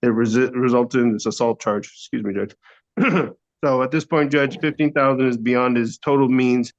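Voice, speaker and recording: A man arguing as court-appointed defense attorney in a courtroom, hesitant with many fillers and throat-clearing. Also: medium pitch, moderate pace. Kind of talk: courtroom argument. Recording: dull lo-fi courtroom audio.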